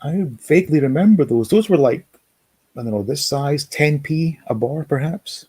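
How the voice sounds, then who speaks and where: A man's voice: on the high side, animated, normal speed, warm tone, slightly rough, no room sound. A man hosting a livestream, rambling casually, reading out chat comments and reminiscing. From Scotland. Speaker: livestream host. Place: home, lives in America.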